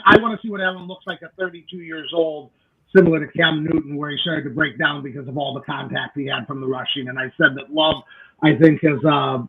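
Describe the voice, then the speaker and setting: A man's voice: a little high, fairly even intonation, fairly quick, crowd noise. A man co-hosting a casual sports debate, opinionated and often restarting his sentences. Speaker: co-host. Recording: tinny phone-like line.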